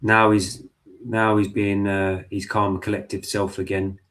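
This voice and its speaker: A man's voice: on the low side, slow pace. A man watching a football match live with his viewers, talking to the players and the referee and swearing often. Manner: excitable, swears a lot, talks to the players and ref. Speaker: football fan streamer.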